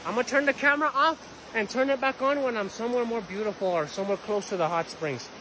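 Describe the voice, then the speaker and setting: This man's voice is extremely high, bright and pushed, and he talks quickly as he roams outdoor trails. A chatty vlogger, he swears plenty and addresses the camera directly, calling his viewers "you guys," over slight background noise.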